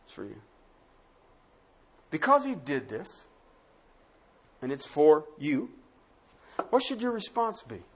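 Man, pastor, sermon, lively pitch, dramatic hushed-to-loud delivery. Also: takes it slowly, long pauses. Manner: dramatic swings from hushed to loud, acting out quotes.

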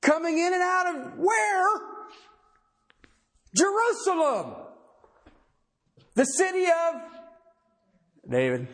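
A man's voice: extremely high pitch, big pitch swings, slow, pauses often, a bit bright. A man preaching a sermon, talking conversationally and emphatically and firing rhetorical questions at the congregation.

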